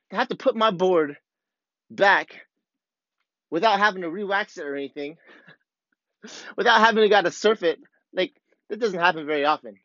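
A surf coach speaks candidly and bluntly to camera, swearing freely while working through his own feelings in a motivational talk that's profane and self-revealing. His voice is high and a bit bright, brisk but pausing often. The dry recording sounds dull and slightly lo-fi.

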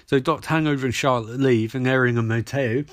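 A man's voice: mid-range voice, fairly even intonation, brisk, dry recording. Rambling, foul-mouthed man in a dry room. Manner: rambling, profane, loses track. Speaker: podcast host. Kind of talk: casual TV episode recap.

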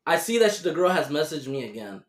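Young male podcast host, lively profane storyteller, echoey room. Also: a little high, fast talker. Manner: animated, profane, doing voices in quotes. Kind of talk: casual storytelling chat. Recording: roomy echo.

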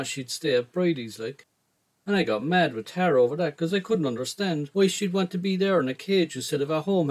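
A young man with a Cork accent tells his story in a loose, rambling way, full of "like" and "I goes". His voice sits a little high for a man. He narrates steadily and plainly. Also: darkish tone. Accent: Cork Irish. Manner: rambling colloquial telling, frequent "like" and "I goes". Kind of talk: first-person storytelling narration.

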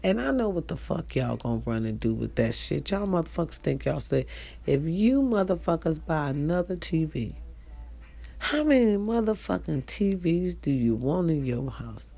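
A middle-aged woman with an African American Vernacular English accent talks straight to her listeners in a loose, swearing monologue. Her voice is dark and gravelly with a lot of fry. She is blunt and animated, and she keeps calling out to her audience. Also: sits low, moderate pace. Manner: profane, animated and blunt, addressing listeners directly. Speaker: online talk show host. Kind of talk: casual storytelling monologue.

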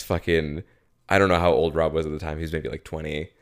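A man's voice: low voice, fairly even intonation, quick pace. A man co-hosting a casual podcast, retelling a story with swearing and acted-out quotes. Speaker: podcast co-host.

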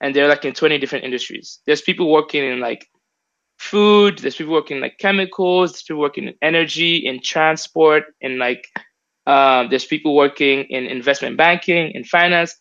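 A man's voice: fairly high pitch, moderate pace, fairly bright tone. Young man rambling with fillers, lo-fi. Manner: rambling, many fillers and restarts. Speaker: guest. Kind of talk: casual interview chat. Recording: dull lo-fi sound.

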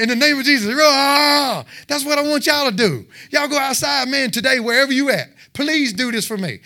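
A man giving a fervent testimony sermon, exhorting listeners and breaking into shouted roars. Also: high-pitched. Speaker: lay preacher.

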